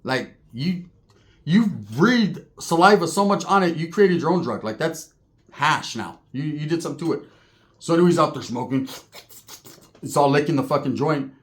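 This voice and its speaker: Man, casual profane storyteller; slightly raised pitch. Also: animated, moderate pace. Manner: profane, rambling, joking.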